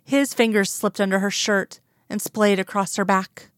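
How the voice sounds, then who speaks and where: A woman reading a romance story aloud as narrator, in a calm, even storytelling manner. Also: medium pitch, normal speed, clean tone, no echo, studio quality. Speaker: audiobook narrator.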